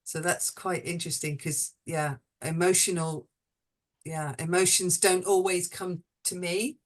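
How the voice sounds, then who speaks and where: A woman hosting an online panel discussion, talking in halting phrases with many restarts and laughing at herself. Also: on the low side, steady tone. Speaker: host.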